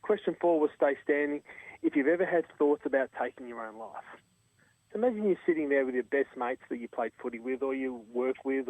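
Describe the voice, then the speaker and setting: A man's voice: mid-range voice, a little mellow, dry recording. An Australian man, a charity co-founder, telling an earnest, emphatic story in an interview. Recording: tinny phone line.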